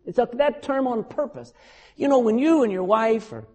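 A man preaching a sermon as a pastor, animated and acting out quotes dramatically. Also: very high voice, moderate pace.

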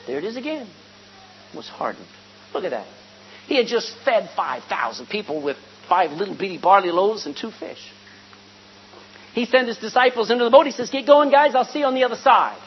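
A woman preaching a sermon, retelling a scripture story with animated storytelling, asking the congregation questions and calling for amens. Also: medium pitch. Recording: dull lo-fi recording with faint hum.

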